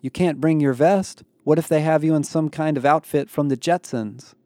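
A man's voice: mid-range voice, expressive, measured pace, dark tone, no echo, natural voice. A man voicing a sassy, dramatic teenage girl who speaks with indignant emphasis.

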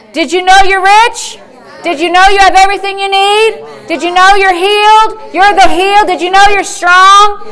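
A woman's voice: very high voice, pushed and bright. A woman pastor preaching a fervent sermon and calling out to her congregation. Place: church service.

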